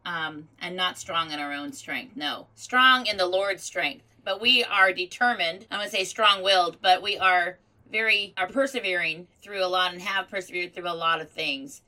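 Bright-voiced woman co-hosting a faith show. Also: lowish voice, normal speed, few pauses, rough recording. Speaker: radio show co-host. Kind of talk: casual chat.

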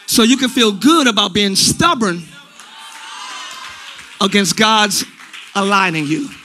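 High, bright-voiced preaching man. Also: takes it slowly, faint music behind, some chatter behind. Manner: preaching with shouted, animated emphasis. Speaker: pastor. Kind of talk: sermon. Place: church sanctuary.

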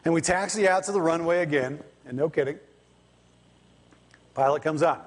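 A man preaching a sermon in church, telling a story in a conversational, animated way and acting out the people in it. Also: fairly high pitch, moderate pace, pauses often. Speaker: pastor. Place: church sanctuary. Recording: long church reverb.

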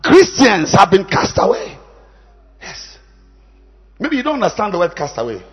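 A man, a bishop, preaching a sermon, shouting lines and leading the congregation in repeated call-and-response chants between quieter asides. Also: sits high, huge pitch swings, normal speed, slightly rough, big-room sound, muffled recording.

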